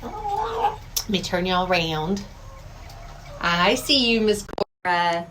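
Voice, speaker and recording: A woman's voice: medium pitch, huge pitch swings, takes it slowly, echoey room, distant mic. A woman, chatting casually to her viewers and her chickens in a homey way. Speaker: vlogger. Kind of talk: casual vlog chat. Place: outdoors by a chicken coop in the rain. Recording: loud outdoor noise with chickens. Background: clucking chickens and rooster.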